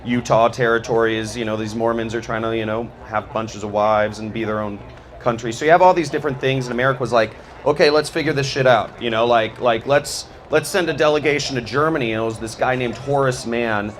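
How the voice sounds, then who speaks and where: A man's voice: mid-range voice, fairly quick, slight background noise. A man giving a loose, rambling talk, full of fillers and restarts. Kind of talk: casual spoken talk on history.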